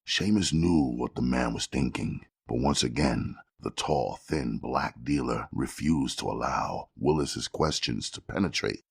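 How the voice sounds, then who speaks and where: A man narrating a crime novel audiobook in a steady, measured storytelling manner with a gravelly voice. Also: rumbling low, no echo, clean studio sound.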